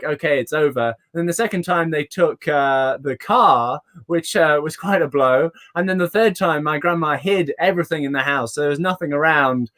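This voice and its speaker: A man's voice: fairly high pitch, fairly bright tone. A young man hosting a comedy showcase, rambling through his set with fillers and chuckles. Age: young adult. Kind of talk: stand-up routine. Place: home, online showcase.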